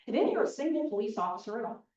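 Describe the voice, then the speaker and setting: A young woman giving a persuasive opening statement as plaintiff attorney in a mock trial, speaking in a measured way straight to the jury. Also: on the high side, expressive, a little mellow. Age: young adult. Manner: measured, addresses the jury directly. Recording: dull, echoey hall from far off.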